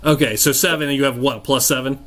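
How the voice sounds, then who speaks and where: A man's voice: mid-range voice, steady tone, fast talker, a bit bright, faint music behind. A man narrating as game master of a tabletop game, rambling with fillers and restarts.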